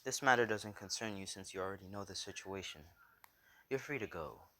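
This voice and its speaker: Man voicing a sneering demon lord villain: hushed, unhurried, deepish. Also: slight background noise. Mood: sly taunting. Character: cruel mocking male demon lord. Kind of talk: casual fan story reading.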